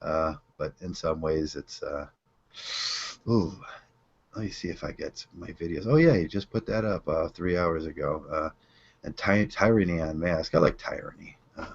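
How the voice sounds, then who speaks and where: A man hosting a casual group chat, relaxed, trailing off with fillers. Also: rumbling low, moderate pace, vocal fry, slightly rough. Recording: dull lo-fi online call audio.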